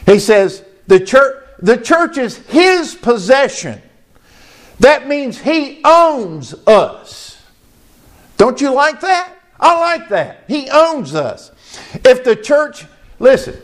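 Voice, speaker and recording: A man preaching a sermon as pastor, slow and emphatic, asking the congregation questions. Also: very high-pitched, big pitch swings.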